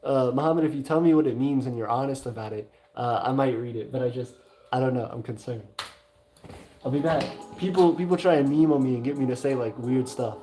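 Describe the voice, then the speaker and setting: With faint music behind him, a Southern-drawled livestream host reads viewer messages aloud in a laid-back, mellow way. His medium-pitched delivery is brisk yet hesitant, peppered with "uh" fillers and mild exclamations.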